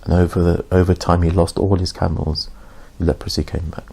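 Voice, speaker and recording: A man with a low, gravelly voice, a little mellow with a breathy edge, delivers an informal religious lesson flatly at a normal speed. As an Islamic teacher, he tells stories conversationally and acts out dialogue with a raised voice.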